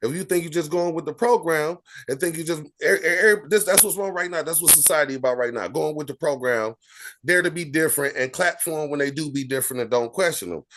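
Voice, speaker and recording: A man's voice: fairly high pitch, fast, noisy background. A man in a casual group discussion, speaking in an emphatic, rambling way. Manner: emphatic, rambling, repeats phrases. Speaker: discussion participant.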